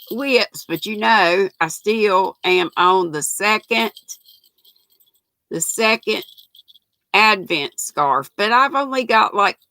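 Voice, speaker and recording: This older knitting-livestream host greets viewers by name and chats folksily while reading their comments. Her voice is a little high, pushed and bright, with no room sound and poor audio quality.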